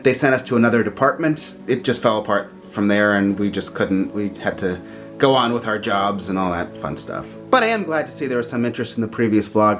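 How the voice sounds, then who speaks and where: A man's voice: lowish voice, a bit bright. A man in his thirties telling a casual vlog story and laughing often. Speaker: vlogger.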